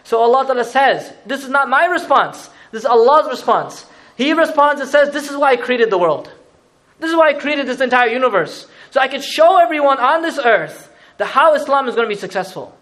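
Fast, high-voiced man preaching a sermon. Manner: conversational, mixes Arabic recitation with English explanation; animated, uses asides and slang. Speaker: Islamic preacher. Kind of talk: sermon on Quran verses.

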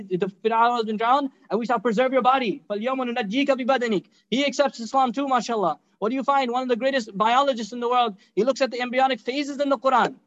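A man giving an animated sermon, telling stories, acting out quotes and reciting Arabic verses. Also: very high-pitched, muffled recording. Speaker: preacher. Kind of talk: sermon storytelling.

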